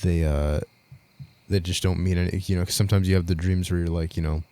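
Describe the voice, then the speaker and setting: A man's voice: low-pitched, fairly even intonation, fast, warm tone. A young man co-hosting a podcast, telling a story in casual chat, rambling, swearing a lot and laughing as he goes. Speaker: podcast co-host.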